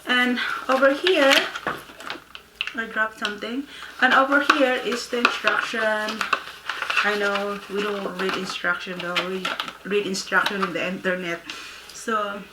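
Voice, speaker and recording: A woman vlogger with a slight lisp from wearing aligners, reviewing a product in a casual sit-down video at home. She talks haltingly, with many pauses and fillers. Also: medium pitch, steady tone, very noisy. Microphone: phone camera. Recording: echoey room.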